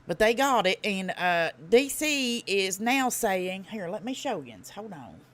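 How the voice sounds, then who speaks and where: Southern woman host with a Tennessee accent; blunt and profane, quick, animated delivery. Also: medium pitch. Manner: blunt, profane, folksy drawl; fast talker. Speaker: livestream host. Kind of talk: casual live-stream commentary.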